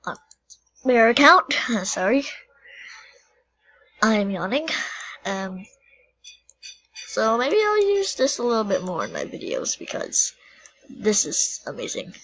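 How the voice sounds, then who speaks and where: A woman's voice: fairly high pitch, huge pitch swings. Chatty woman with a dull lo-fi mic. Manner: chatty, quick mood swings, drops into soft whispers. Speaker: gaming channel host. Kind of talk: casual gameplay commentary. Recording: dull lo-fi mic with faint noise.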